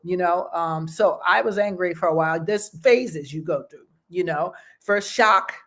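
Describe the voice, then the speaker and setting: This host's voice is fairly low and a bit bright, and she speaks a little slowly. Addressing listeners directly, she offers casual, encouraging motivation in a conversational way full of fillers.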